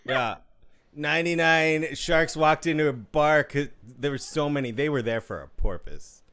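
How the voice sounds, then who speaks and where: A man's voice: fairly high pitch, moderate pace, smooth. A man hosting an improv comedy game over a video call, calling on players and cracking jokes. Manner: lively, calling on players and joking. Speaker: improv show host.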